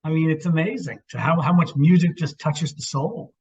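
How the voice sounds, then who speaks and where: A man's voice: fairly high pitch, moderate pace, crowd noise. A middle-aged man and podcast co-host chatting casually, reacting to his friend's stories and adding his own comments. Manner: encouraging listener who reacts and chimes in. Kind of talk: casual chat. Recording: dull lo-fi podcast recording.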